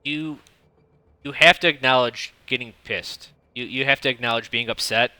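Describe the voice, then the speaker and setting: Casting note: streamer, thirties, piercingly bright and dry-close tone, swears freely, rambling coach. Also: male voice, medium pitch, moderate pace, smooth, no room sound. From United States (Detroit). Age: 30s. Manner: profane, rambling, blunt advice; self-described monotone delivery. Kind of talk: casual coaching commentary.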